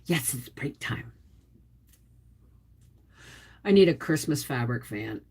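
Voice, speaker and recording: A rumbling low, darkish and slightly rough voice with lively intonation, at normal speed, belongs to a middle-aged woman from Quebec, Canada. She hosts a homestead channel and casually reads comments on a livestream, calling viewers by name.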